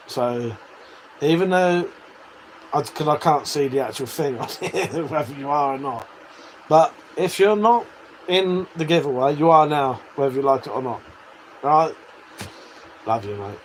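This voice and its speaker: Bloke on a livestream, sweary and matey, laughing a lot, voice a bit high, faint hum behind. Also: male voice, rough recording. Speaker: livestream host. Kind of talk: casual livestream chat, reading viewer messages.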